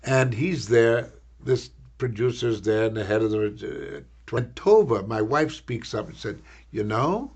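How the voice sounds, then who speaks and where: An older man, an actor, recalling a film shoot in a rambling, halting interview anecdote, repeating words as he goes. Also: lowish voice, a little mellow, husky.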